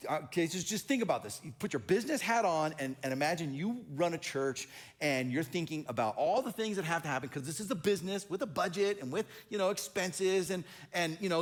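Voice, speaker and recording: A man preaching in a relaxed, conversational way, slipping into other people's voices as he tells stories. His voice sits a little high and swings widely in pitch, which keeps his delivery animated and expressive. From Oregon. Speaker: pastor. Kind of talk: conversational sermon.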